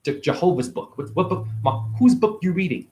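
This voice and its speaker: A man with a fairly high voice delivers a meandering spiritual monologue, leaping between ideas and talking in circles. He swears casually as he goes. The sound bounces around a reverberant room. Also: expressive, a little fast, dark tone. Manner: rambling, talks in circles, swears. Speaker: spiritual video creator. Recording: echoey room.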